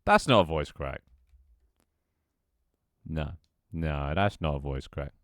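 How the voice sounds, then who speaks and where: A man with a very low, deep voice talks through a gameplay livestream, rambling, swearing offhandedly and answering his chat. The sound is close and dry, with no room around it. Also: lively intonation, takes it slowly, dry recording. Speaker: streamer. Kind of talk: casual gameplay livestream commentary.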